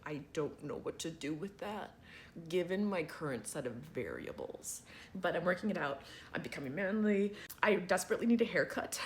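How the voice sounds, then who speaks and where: A man's voice: sits high, slight background noise. A trans man chatting casually to his viewers, rambling and wry and laughing often. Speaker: vlogger. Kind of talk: casual chat to camera.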